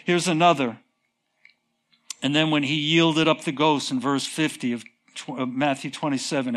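A man preaching a sermon in an unhurried, emphatic way, stretching words for stress and slipping into folksy conversational asides. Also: medium pitch, fairly even intonation, fairly bright tone.

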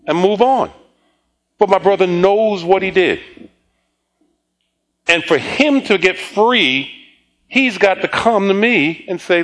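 A man's voice: high-pitched, expressive, a little slow, long pauses, a bit bright, rough recording. A middle-aged man preaching a sermon, telling a story and often laughing as he talks, with repeated words and restarts. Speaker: pastor.

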